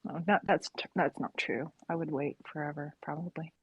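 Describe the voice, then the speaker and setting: A woman joining a casual talk, speaking softly and quietly. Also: sits low, fairly even intonation, normal speed, slightly rough, no echo, lo-fi sound. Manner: soft-spoken, quiet. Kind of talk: casual chat.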